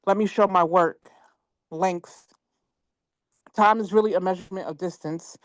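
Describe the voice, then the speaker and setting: Low-toned woman reading spoken word poetry. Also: steady tone, a little slow, no echo. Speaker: poet.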